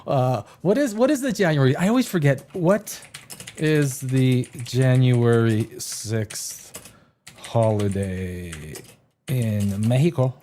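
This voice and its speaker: A man's voice: medium pitch, lively intonation, slow pace, mellow, a little hiss or hum. A middle-aged man hosting a casual livestream, rambling and joking, often laughing at himself. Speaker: livestream host.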